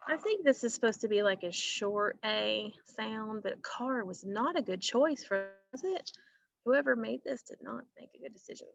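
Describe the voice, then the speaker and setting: A woman teaching an online phonics lesson, slowly stretching out vowel sounds and talking straight to her students. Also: a little high, expressive, creaky, lo-fi sound. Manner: slow, drawn-out modeling of vowel sounds, addressing students directly.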